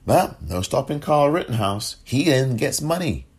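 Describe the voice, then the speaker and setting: A man's voice: mid-range voice, very animated, normal speed, slightly rough. A man hosting a political podcast, delivering indignant solo commentary and mocking the people he talks about. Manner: impassioned, indignant; mocking impersonations of others.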